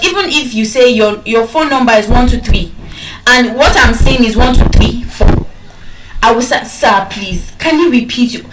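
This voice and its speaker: A woman with a Nigerian accent giving an animated speech to an audience, acting out customer calls as she tells stories. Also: on the high side, a little hiss or hum. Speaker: public speaker. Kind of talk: motivational speech. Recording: echoey hall from far off.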